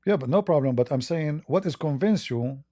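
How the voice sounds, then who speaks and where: With a very dark, mellow voice pitched on the high side, an animated man runs a live call-in debate and fires blunt questions at his caller. He keeps halting, restarting and repeating himself. The recording is dry and close, free of echo.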